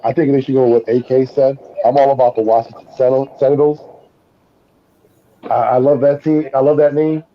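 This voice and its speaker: A man speculating quickly on a sports podcast, heard over dull lo-fi audio. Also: medium pitch, level tone. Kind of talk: casual sports podcast chat.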